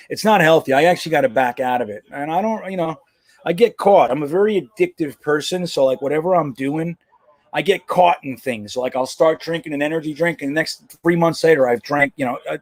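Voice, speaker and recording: At normal speed and with no echo, a man with a fairly high-pitched voice hosts a casual live stream. He talks about football in a rambling, jokey way, swearing plenty.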